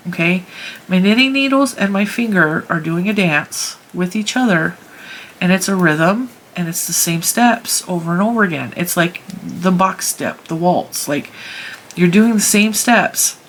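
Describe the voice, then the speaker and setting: A woman's voice: on the low side, lively intonation, a little slow, slight background noise. A woman hosting her own knitting channel, talking casually and emphatically as she demonstrates stitches at home. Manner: chatty and emphatic, talks through her hands' work.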